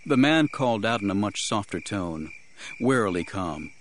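Expressive man narrating an audiobook. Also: fairly low pitch, normal speed, slight background noise. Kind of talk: third-person audiobook narration.

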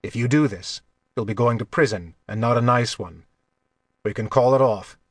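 A man doing a wry, steady young thief. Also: medium pitch, normal speed, dry recording, clean studio sound, natural voice. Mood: reassuring. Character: young male thief, wry and quietly confident.

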